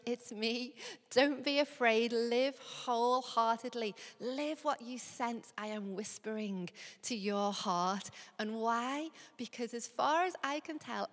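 A young woman giving an earnest, measured sermon, slowing down as she reads scripture. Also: on the high side. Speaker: preacher. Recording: long hall reverb.

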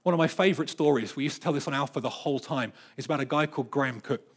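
A man preaching a sermon, telling personal stories with dramatic swings between loud bursts and hushed asides. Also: medium pitch, rapid-fire, slightly rough.

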